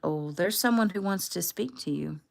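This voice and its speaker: A woman reading as a calm, practical man. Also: fairly low pitch, moderate pace, creaky.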